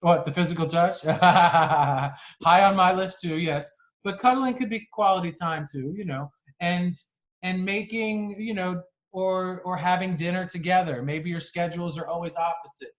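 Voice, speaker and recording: Earnest podcast guy, voice on the high side, keeps restarting, chatty. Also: normal speed. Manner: earnest, frequent restarts and laughs. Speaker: podcast co-host. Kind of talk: casual podcast chat.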